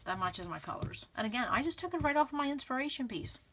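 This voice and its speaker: Speaking quickly in a high, animated, fairly bright voice, a scrapbooking channel host encourages her viewers through a casual tutorial, saying "okay" and "again" a lot. She clears her throat because of pollen, and there's a little hiss or hum.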